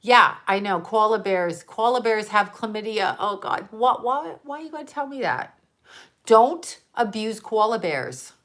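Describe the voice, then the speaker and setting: A woman's voice: medium pitch, expressive, unhurried, fairly bright tone. A woman hosting a casual livestream, chatting to viewers in a rambling, playful way, often laughing and jumping between topics. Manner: chatty and scattered, with frequent laughs and asides. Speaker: livestream host reading viewer comments.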